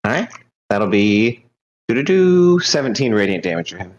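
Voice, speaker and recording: Hesitant low-voiced male player. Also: lively intonation, highs cut off. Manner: hesitant, many pauses. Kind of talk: casual tabletop game play.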